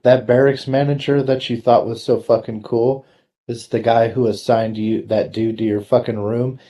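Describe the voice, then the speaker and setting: A male podcast host with a mid-range voice, speaking bluntly and profanely. He talks in animated bursts, stacking up examples as he goes. Casual, rough-edged banter with friends. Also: mid-range voice, normal speed. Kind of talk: casual chat.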